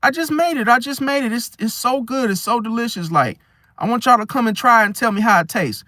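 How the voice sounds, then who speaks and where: A man's voice: very high voice, animated, a little fast, pushed and bright, no room sound, clean studio sound, pitched above the performer's own voice, exaggerated voice. A man voicing a sweet-talking middle-aged aunt who coaxes guests inside with pushy hospitality. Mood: coaxing. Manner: sugary, coaxing, pushy hospitality.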